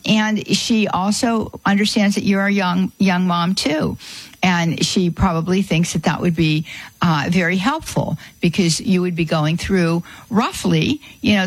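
A woman hosts a call-in radio advice show, her voice sitting a little low. She talks haltingly, with lots of fillers and restarts. The sound is dry and close. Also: no room sound, low-quality recording.

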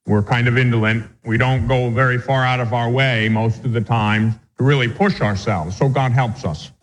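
A man, a Catholic priest, giving a measured, patient catechism lecture with anecdotes. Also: mid-range voice, fairly even intonation, long reverb tail, rough recording.

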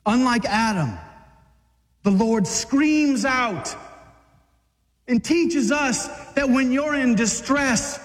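Fiery high-voiced preacher in a hall. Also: male voice, expressive, slow pace, long pauses. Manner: dramatic, acts out voices, shouts at peaks. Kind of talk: fiery sermon to men.

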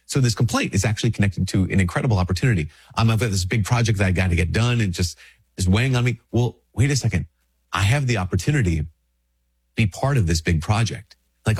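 Male priest, deep-ish and husky, congested, relaxed conversational reflection. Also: fast. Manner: conversational, acts out little dialogues, repeats words. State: sick with a stuffy nose. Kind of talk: casual spoken reflection.

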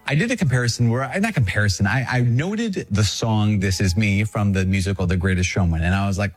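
A middle-aged man, a priest, giving an earnest, animated talk with lively self-mocking asides. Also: lowish voice, fairly quick, hardly any pauses, soft background music. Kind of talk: podcast homily and video talk.

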